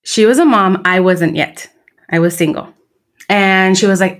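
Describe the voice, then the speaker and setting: A woman's voice: mid-range voice, normal speed. A woman in her thirties co-hosting a podcast, talking candidly and slipping Spanish phrases into her English. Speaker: podcast co-host. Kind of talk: casual chat.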